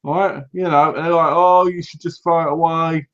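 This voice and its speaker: A British man co-hosting a casual podcast, telling lively anecdotes and acting out what other people said. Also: on the high side, moderate pace. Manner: animated anecdotes, acts out other people's lines. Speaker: podcast co-host. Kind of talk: casual chat, storytelling. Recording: dull lo-fi recording.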